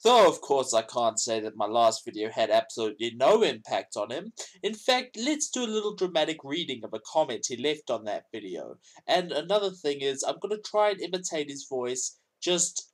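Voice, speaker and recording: A man's voice: mid-range voice, big pitch swings, normal speed. A man commenting on another creator's video with mocking sarcasm and frequent swearing. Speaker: YouTube commentator.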